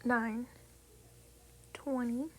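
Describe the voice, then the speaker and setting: A woman's voice: a little high, level tone, very slow, darkish tone. A young woman tutoring math casually, chatty and profane, often dropping to a whisper while she works out numbers. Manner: chatty, swears, slips into whispers while calculating. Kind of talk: casual tutorial over a tablet screen.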